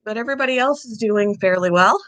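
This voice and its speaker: Bright, breathless woman chatting with viewers. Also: fast, poor audio. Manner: chatty, baby-talks her pets in a high voice. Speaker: pet channel host. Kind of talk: casual live-stream chat.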